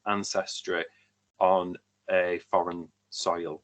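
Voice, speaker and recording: A man interviewing a guest, asking thoughtful, measured questions. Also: low-pitched, little pitch movement, a bit bright.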